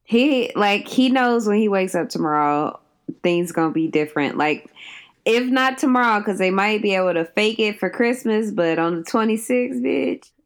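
A woman's voice: medium pitch, expressive, normal speed, smooth. A woman in casual chat about a film, blunt and agreeable. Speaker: co-host recapping a film.

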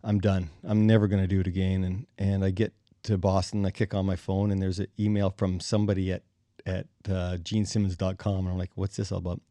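A middle-aged man, a bassist and podcast guest, telling animated stories, acting out quotes and chuckling as he goes. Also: fairly quick, dry recording. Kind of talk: anecdotal storytelling in conversation.

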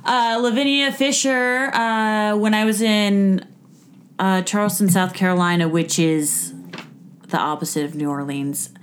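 A woman telling a story in casual conversation, rambling and loose. She leans on fillers and restarts, and keeps the talk relaxed and chatty. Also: mid-range voice, unhurried. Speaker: podcast host telling a true-crime story. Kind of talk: casual chat.

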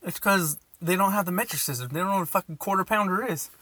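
A young man hosting a podcast, casually telling stories and giving shout-outs. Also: sits high, fast talker, no echo. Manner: laid-back storyteller, gives shout-outs. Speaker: podcast host. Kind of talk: casual chat.

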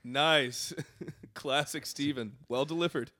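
A man's voice: a little high, slow pace, bright, forceful tone, no room sound, clean studio sound. A man co-hosting a casual podcast, making wry, teasing remarks. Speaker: podcast co-host. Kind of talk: casual chat.

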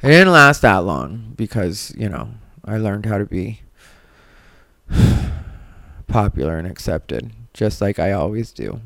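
A woman's voice: rumbling low, big pitch swings, unhurried, creaky, pauses often, fairly bright tone, dry recording. A woman hosting her own podcast, talking bluntly and defiantly in an unapologetic solo monologue. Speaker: podcast host. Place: Las Vegas.

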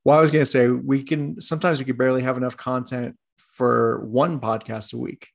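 A man's voice: medium pitch, little pitch movement, a little fast, creaky. A man co-hosting a sports podcast, teasing his co-host in a dry way. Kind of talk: casual sports podcast chat.

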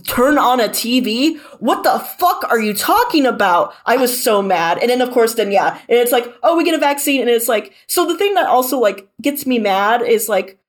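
A woman's voice: fairly high pitch, expressive, moderate pace, hardly any pauses. A woman co-hosting a casual book-club podcast, ranting heatedly with lots of swearing. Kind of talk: casual chat.

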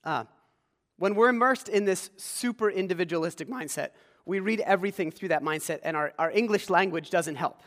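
Pastor, male, from rural Pennsylvania, high-ish voice, chatty sermon, long church reverb. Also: brisk, fairly bright tone. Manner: conversational, engages congregation with questions. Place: church sanctuary.

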